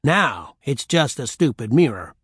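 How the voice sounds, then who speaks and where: A man's voice: mid-range voice, big pitch swings, a little slow, slightly rough, dry recording, clean studio sound. A man voicing a cowardly male talking frog in an audiobook, whiny and sarcastic. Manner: pleading, sarcastic complaining.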